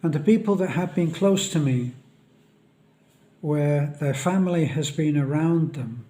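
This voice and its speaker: A man speaking a solemn, halting vlog monologue on a death in a friend's family. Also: on the high side, warm tone. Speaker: vlogger. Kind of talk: reflective monologue.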